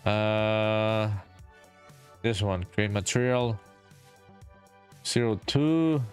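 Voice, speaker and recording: Streaming his indie game development, a laid-back man chats casually with viewers, reading their comments aloud, calling everyone "dude," and swearing freely. His fairly low voice draws out words and has a slightly mellow tone, with faint music in the background.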